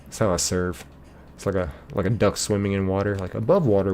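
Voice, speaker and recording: A man hosts a live game stream in a relaxed, chatty way, reading out viewer comments as they come in. His voice sits low with a gravelly fry and a dark, mellow tone. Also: brisk, slight background noise. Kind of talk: casual live-stream chat, reading chat messages.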